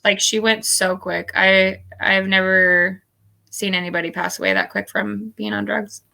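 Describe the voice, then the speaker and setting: A woman's voice: medium pitch, flat delivery, a little slow, creaky, sharp tone. A woman sitting for a psychic reading, answering in a hesitant, casual way with "um" and "uh". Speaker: client at a reading. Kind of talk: casual conversation.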